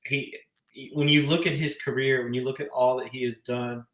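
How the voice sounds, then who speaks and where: A man co-hosting a podcast in casual chat, enthusiastic and quick to laugh, often halting and restarting his sentences. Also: medium pitch, flat delivery, fairly bright tone, roomy sound. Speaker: podcast co-host.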